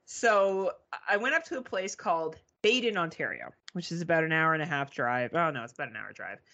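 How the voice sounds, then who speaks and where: A woman's voice: low voice, lively intonation, fairly quick, fairly bright tone. A woman co-hosting a podcast, telling a story in casual chat, swearing freely and mimicking beeping gadgets. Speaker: podcast co-host.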